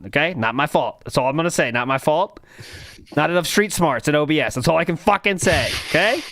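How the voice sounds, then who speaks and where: A man's voice: fairly high pitch, lively intonation, fairly quick, fairly bright tone, no echo. A man hosting a casual podcast, rambling and joking as he reads out chat comments. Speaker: podcast host.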